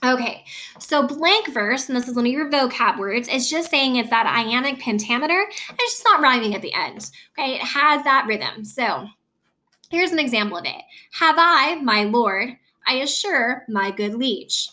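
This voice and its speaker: A woman teaching a recorded lesson, patiently guiding students and stretching words slowly to show which syllables are stressed. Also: high voice, expressive, pushed and bright.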